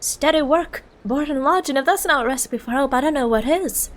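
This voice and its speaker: A woman voicing a hopeful working man pleased about steady work, in a bright, upbeat delivery. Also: sits high, a little fast, close to an everyday voice.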